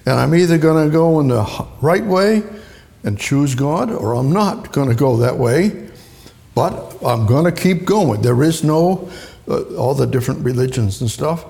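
A man's voice: medium pitch, expressive, moderate pace, gravelly, warm tone. A man preaching a sermon, rambling and emphatic, often repeating himself for stress. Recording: echoey hall with long reverb.

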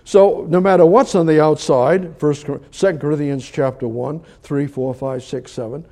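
Older male pastor preaching, warm and folksy. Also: a little high, steady tone, normal speed. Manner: conversational preaching, rising emphatic then dropping quiet. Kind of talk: sermon.

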